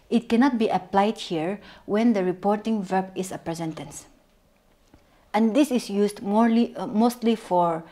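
A woman with a Naga English accent teaching a recorded grammar lesson, stressing points by repeating words and slowing down over examples. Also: mid-range voice, mellow.

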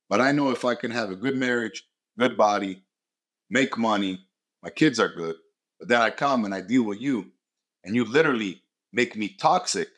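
A man's voice: fairly low pitch, fairly bright tone. A man hosting a motivational podcast, talking bluntly and with lots of swearing, hammering his points home with short repeated phrases. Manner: blunt, profane and emphatic. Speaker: podcast host.

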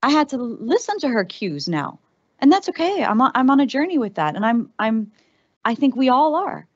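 A woman's voice: high-pitched, very animated, moderate pace, breathy edge, dry recording, lo-fi sound. A woman with an American accent giving a workshop talk to a live audience, speaking conversationally and addressing the listeners directly.

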